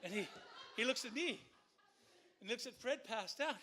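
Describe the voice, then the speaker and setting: A man telling a personal story at a live story slam, animated and conversational, with frequent swearing. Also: extremely high pitch, moderate pace, a little hiss or hum.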